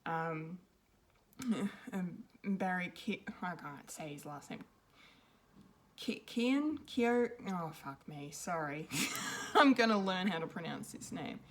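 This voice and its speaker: A woman's voice: fairly low pitch, lively intonation, takes it slowly. A woman giving an unscripted film review, rambling and hesitant, with many ums and restarts. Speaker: pop culture reviewer.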